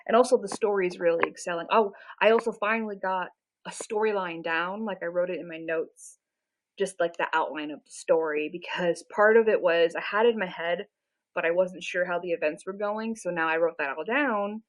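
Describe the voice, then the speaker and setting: A woman's voice: fairly low pitch, a little fast, poor audio. A woman in her twenties chatting casually on a live stream, self-deprecating and full of fillers. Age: 20s. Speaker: livestreamer.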